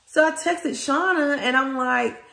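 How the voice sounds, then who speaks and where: Woman vlogging a storytime, kinda high voice, gravelly edge, echoey room. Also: a little slow. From Louisiana, US. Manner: animated, addresses viewers as guys and y'all. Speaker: small business owner vlogger. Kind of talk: casual storytime vlog.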